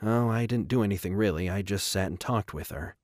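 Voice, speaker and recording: A concerned middle-aged mother, read by a male narrator in his own low voice with little change. The delivery is plain and even. The recording is close and dry. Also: fairly quick, no room sound, natural voice.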